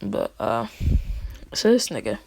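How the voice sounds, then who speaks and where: A woman's voice: medium pitch, big pitch swings, unhurried, creaky, a little mellow, a little hiss or hum. A woman casually narrating a fan story, half-whispering, with crude jokes and lots of fillers.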